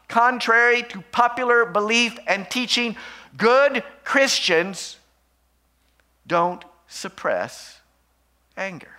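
A man's voice: sits high, pushed and bright. A male pastor preaching an emphatic sermon, telling stories to make his point.

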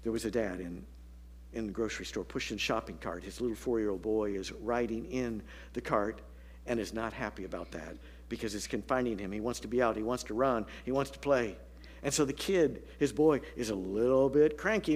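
A pastor preaches a sermon in a medium-pitched male voice at a normal speed. His delivery is dynamic and full of stories, and he drops to a whisper for emphasis.

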